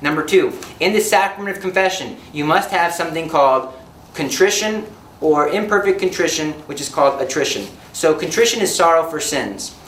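A male preacher giving a sermon in an animated, joking manner, acting out little scenes as he teaches. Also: on the high side, brisk, reverberant, slight background noise, low-quality recording.

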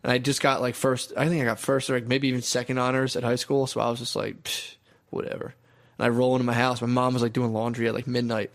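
A man's voice: medium pitch, level tone, fast talker, hardly any pauses. A young man chatting casually and telling stories, swearing often and acting out quotes. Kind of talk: casual chat, storytelling.

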